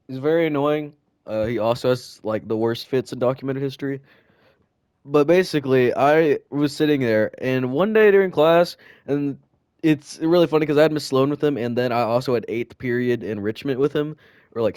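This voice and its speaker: On a podcast, a teen boy co-hosting tells school stories in a relaxed, rambling way, laughing and frequently restarting or using fillers. His male voice has a medium pitch and a slightly mellow quality. The recording is dry and studio-grade.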